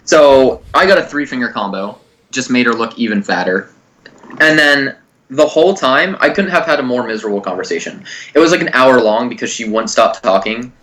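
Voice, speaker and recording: Bright-voiced young man telling crude stories. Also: mid-range voice, lively intonation, fairly quick. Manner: crude, rambling storyteller with frequent swearing. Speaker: podcast co-host. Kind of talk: casual comedic storytelling.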